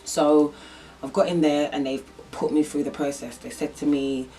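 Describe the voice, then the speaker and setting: A woman's voice: deep voice, level tone, moderate pace, mellow, distant mic. A young woman telling a personal story in a vlog, rambling and emotional with lots of fillers. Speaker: vlogger.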